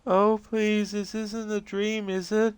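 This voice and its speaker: A man voicing a fragile, confused young waitress who is crying, speaking in slow, halting, tearful pleas while reading game transcripts aloud. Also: medium pitch, clean tone, dry recording, voice pushed up, lightly acted. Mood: sobbing.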